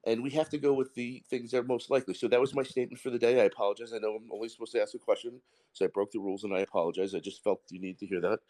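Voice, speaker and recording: A man's voice: mid-range voice, steady tone, racing, dark tone. A man, calling in to a live audio Q&A and speaking bluntly and at length. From the Bronx, New York. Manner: blunt, rambling and emphatic. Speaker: caller asking a question.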